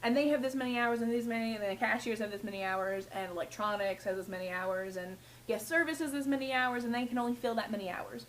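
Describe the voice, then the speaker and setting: Exasperated high-voiced young woman ranting. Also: fairly even intonation, fast, hardly any pauses, a little hiss or hum, low-quality recording. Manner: exasperated, swearing, mimics customers. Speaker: retail worker. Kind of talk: casual vlog rant.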